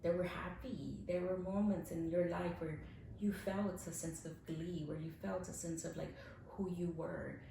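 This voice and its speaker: A woman around forty telling personal stories frankly and candidly. She swears freely and swings between soft reflection and animated laughter. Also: fairly low pitch, normal speed, vocal fry, a little hiss or hum. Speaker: podcast guest. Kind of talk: candid conversational storytelling. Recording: very echoey room.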